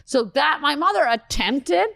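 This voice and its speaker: A woman from Canada, a comedian guest, telling a story in a lively, swearing, casual podcast chat. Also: high-pitched, gravelly, no echo. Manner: animated storytelling, swearing, quick asides.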